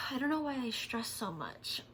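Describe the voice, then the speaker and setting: A young woman speaking casually in a vlog, her voice sitting a bit on the high side. She rambles and vents openly, with plenty of "like" and "um". A faint hiss runs under the recording. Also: very animated, measured pace, a bit bright. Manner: candid, rambling, vents frustration with frequent fillers. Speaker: vlogger. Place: at home.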